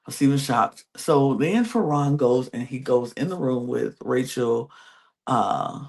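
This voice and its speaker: A podcast host with a medium-pitched, gravelly voice edged with fry talks through a reality-show recap at an easy, unhurried pace. As he retells each scene, he keeps dropping into quick impressions of the contestants, acting out their quoted reactions.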